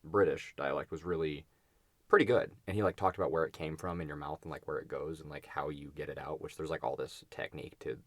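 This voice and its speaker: A young man with a very low voice, talking in a loose, rambling way full of restarts and "like"s as he co-hosts a podcast. The sound is dry and close, with no room echo. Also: fairly even intonation, quick pace. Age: young adult. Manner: rambling, lots of fillers and restarts. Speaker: podcast co-host. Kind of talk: casual chat.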